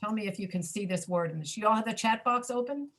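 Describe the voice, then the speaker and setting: A woman's voice: mid-range voice, fast talker, a bit bright. A woman teaching a pronunciation class over a video call, explaining patiently and checking in with her students. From Florida, USA.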